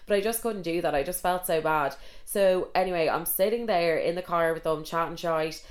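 A young woman with an Irish accent telling a story casually, animated and sweary, often rising into loud outbursts. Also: on the low side, normal speed. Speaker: podcast storyteller.

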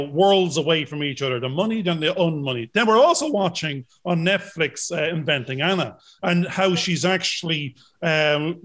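A man's voice: fairly high pitch, a bit bright. A man in his fifties, co-hosting a casual chat, rambling and self-deprecating. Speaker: podcast co-host.

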